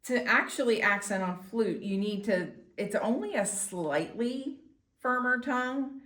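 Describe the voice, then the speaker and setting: A woman's voice: a little high, lively intonation, measured pace, fairly bright tone. A woman flute teacher explaining technique in a patient, instructional way. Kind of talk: instructional demonstration. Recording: echoey room with faint noise.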